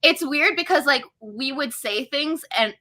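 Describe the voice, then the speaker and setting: A woman's voice: high-pitched, unhurried. A woman guest in casual podcast chat, swearing freely and acting out quoted people as she talks. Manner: profane, animated, acts out quoted people. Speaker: guest filmmaker.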